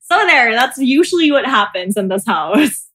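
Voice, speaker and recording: A woman, a podcast guest telling a ghost story in a casual, animated way and laughing often. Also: moderate pace, slightly rough. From Philippines. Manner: animated storyteller, acts out quotes in high squeals, laughs often.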